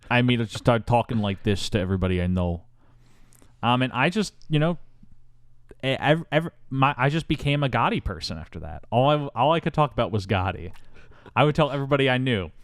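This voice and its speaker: A man hosting a podcast, telling a story in a mock-grandiose, animated way in casual chat. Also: fairly low pitch, clean tone, no room sound, clean studio sound. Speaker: podcast host.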